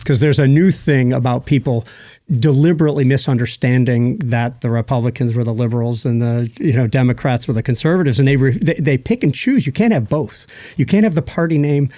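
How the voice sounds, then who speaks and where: A man talking as a guest in a casual podcast conversation, an animated storyteller who laughs often and throws in quick asides. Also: medium pitch, dry recording, clean studio sound. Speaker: guest, battlefield guide and historian.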